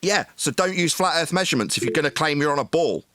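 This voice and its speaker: A man yelling and hurling insults at someone in a heated online voice-chat debate. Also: fairly high pitch, lively intonation, fast talker, a little hiss or hum. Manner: shouting, insulting, domineering. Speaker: debate stream host.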